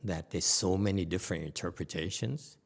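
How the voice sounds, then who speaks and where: A man's voice: deep voice, fairly quick, vocal fry. A man giving a conversational Buddhist sutra lecture, often stopping to question his audience. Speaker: Buddhist teacher.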